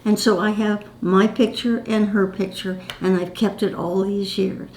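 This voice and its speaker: Her mid-range voice is steady and a little mellow, and she keeps a measured pace. She's a woman in her 90s telling her own stories to camera, reminiscing casually and calling the viewer "my dear," with roomy echo in the recording.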